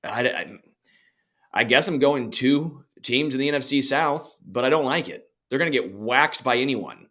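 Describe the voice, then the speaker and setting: A man co-hosting a casual sports podcast, blunt and opinionated, quick to dismiss teams he doesn't trust. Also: mid-range voice, lively intonation, a bit bright. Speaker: podcast co-host.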